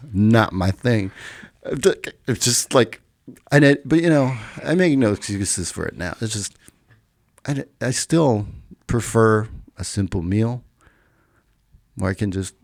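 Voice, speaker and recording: A middle-aged man, a podcast guest, telling a personal story casually, with animated bursts when he quotes himself and others. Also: mid-range voice, slow, no echo, studio quality.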